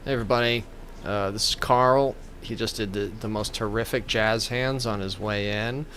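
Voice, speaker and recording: A man's voice: on the low side, steady tone, normal speed, a bit bright, slight background noise. A man giving comedic gameplay commentary as a gaming YouTuber, joking in a playful, mock-reverent way.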